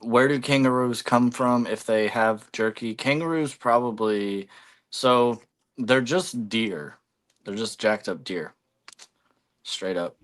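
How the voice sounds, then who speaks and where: Hosting a casual livestream, a man rambles with lots of fillers while eating, chewing food as he talks. His medium-pitched voice is slightly bright and he takes things slowly.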